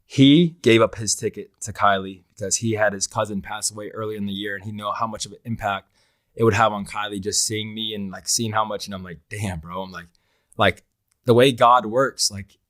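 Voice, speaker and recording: Low-voiced man telling an emotional story. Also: fairly even intonation, moderate pace, a bit bright, no room sound, studio quality. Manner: earnest, emotional storytelling with many fillers and "bro". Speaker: podcast co-host. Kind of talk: casual podcast chat.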